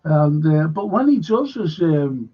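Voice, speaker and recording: Male stream host, husky and raised in pitch, profane, rambling, reading out comments, dull audio. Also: big pitch swings, a little slow. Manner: profane, rambling, reads viewer comments aloud. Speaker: livestream host. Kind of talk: casual fan livestream chat.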